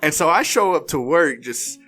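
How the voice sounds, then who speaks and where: Animated young man telling a story. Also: on the high side, moderate pace, faint music behind. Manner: animated storyteller, laughs often, acts out quotes. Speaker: podcast co-host or guest. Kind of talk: casual podcast chat.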